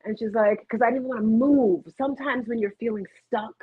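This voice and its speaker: Chatty husky woman, tinny webcam sound. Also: fairly high pitch, a little fast, no room sound. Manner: chatty, goes off on tangents, animated storytelling. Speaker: motivational host. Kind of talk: rambling live motivational talk. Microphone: computer webcam. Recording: tinny phone-like dry audio.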